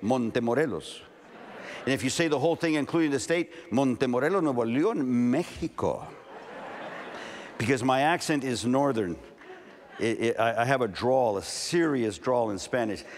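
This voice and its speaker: At a large camp meeting, a Californian pastor in his fifties preaches a sermon with a mid-range voice. He tells stories with animation and acts out the voices in his dialogue, his words ringing with long hall reverb over a faint hum.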